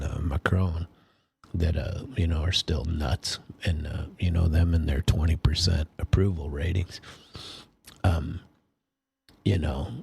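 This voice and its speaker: A man's voice: low voice, creaky, darkish tone, slightly rough. A man hosting a political commentary show, talking casually and rambling with many fillers and restarts. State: sleepy, yawning.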